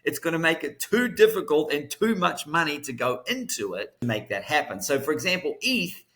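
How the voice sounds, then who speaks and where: A man's voice: on the high side, sing-song, normal speed, pushed and bright. A man hosting a crypto trading show, talking in a chatty, upbeat way with strong rhythmic emphasis. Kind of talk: casual market commentary.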